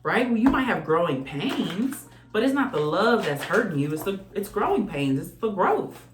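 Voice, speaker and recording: A woman's voice: medium pitch, very animated, moderate pace. A woman does a casual tarot reading, talking bluntly and swearing freely. She sometimes breaks into snatches of song. Her voice carries an echoey room sound, with faint music underneath. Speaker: tarot card reader.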